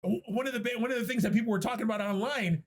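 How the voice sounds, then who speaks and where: A man co-hosting a podcast, telling stories in a casual, animated and profane way. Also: high-pitched, very fast. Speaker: podcast co-host.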